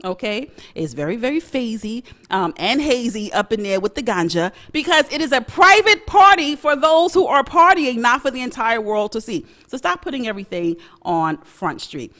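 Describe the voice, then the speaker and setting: A young woman from Brooklyn hosts her own talk segment, chatty and outspoken. Her voice sits fairly high and swoops all over the place. She laughs easily and dips into a Caribbean lilt when she gets going. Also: big pitch swings, moderate pace, hardly any pauses, pushed and bright. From Brooklyn, New York. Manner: chatty, opinionated, laughs often, slips into Caribbean dialect. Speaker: host. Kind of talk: casual talk-show commentary.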